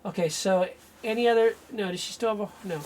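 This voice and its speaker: A man's voice: sits high, brisk, slight background noise. A man working as an energy healer, thinking aloud and breaking off mid-sentence as he runs a live remote healing session. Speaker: radio show host.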